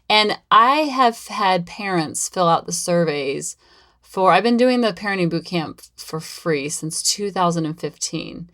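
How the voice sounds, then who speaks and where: A woman's voice: fairly low pitch, animated, a little slow, a bit bright. A woman hosting her own parenting podcast, talking casually in a chatty, rambling, upbeat way and repeating herself often. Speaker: parenting coach and podcast host. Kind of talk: casual solo podcast talk.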